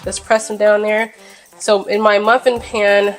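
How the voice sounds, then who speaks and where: A chatty, upbeat woman hosts a casual home cooking video and talks straight to her viewers as she works. Her voice sits at an ordinary middle pitch, with soft music playing underneath. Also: little pitch movement, a little slow. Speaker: home cook host.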